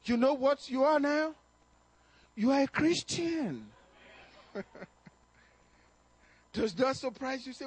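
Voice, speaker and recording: A male pastor preaching a fervent sermon to his congregation, exhorting them with bursts of shouting and chuckles. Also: extremely high pitch, lively intonation, takes it slowly, long pauses, no echo. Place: church service.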